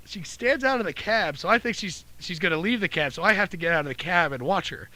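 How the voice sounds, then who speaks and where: A man casually telling profane, animated stories about his old job as a cab driver. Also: high voice, quick pace, few pauses, no echo. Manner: loose, profane, animated storytelling. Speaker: podcast co-host, former cab driver. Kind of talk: casual storytelling chat.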